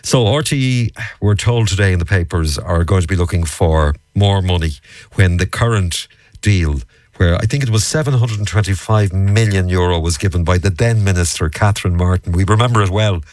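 An Irish man hosting a radio phone-in, brisk and quick to push back on callers. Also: low voice, darkish tone, no echo.

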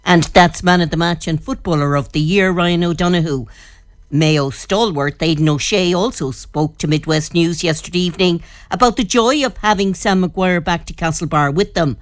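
A woman's voice: fairly low pitch, moderate pace, no room sound, studio quality. A woman, a local news reporter narrating a report and asking admiring interview questions.

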